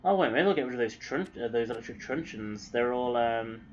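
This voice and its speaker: A man's voice: medium pitch, animated, a little fast, muffled recording, a little hiss or hum. An English man giving rambling, casual commentary while streaming a video game, swearing now and then. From England.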